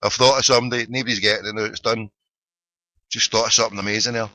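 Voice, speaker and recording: A man's voice: on the low side, steady tone, fast, bright, forceful tone, no room sound, rough recording. A middle-aged man with a Glaswegian accent hosting a phone-in podcast, ranting sarcastically and swearing freely in casual solo commentary. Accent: Scottish, Glaswegian.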